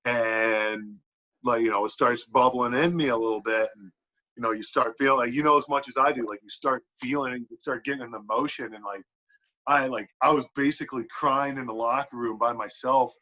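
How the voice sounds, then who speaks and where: A man on a podcast telling a wrestling story in casual, animated talk, swearing a lot and filling with "like". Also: mid-range voice, brisk. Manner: animated, profane, lots of "like" fillers. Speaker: podcast guest, pro wrestler. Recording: dull lo-fi podcast audio.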